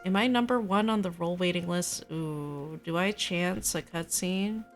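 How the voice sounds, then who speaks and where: A woman's voice: lowish voice, moderate pace, soft background music. A woman hosting a let's play, commenting in a playful, rambling, self-mocking way. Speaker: gamer host.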